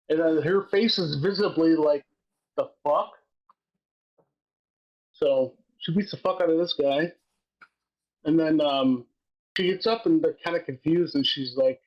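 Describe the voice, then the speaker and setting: High-voiced man, profane excitable storytelling. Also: moderate pace, dull audio. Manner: profane, excitable storytelling, laughs while recapping. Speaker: wrestling podcast co-host. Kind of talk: casual chat.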